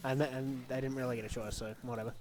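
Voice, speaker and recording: A man's voice: medium pitch, little pitch movement, very fast, a little mellow, poor audio. A young man giving a goofy, scatterbrained comedic monologue into a desk microphone, acting out silly voices. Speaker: comedic history narrator.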